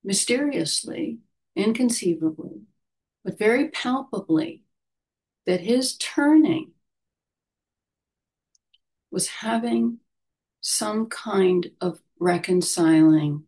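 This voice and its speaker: Slow, soft-spoken woman telling a story. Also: fairly low pitch. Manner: slow, gentle and thoughtful, often dropping to a soft voice. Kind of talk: reflective personal storytelling.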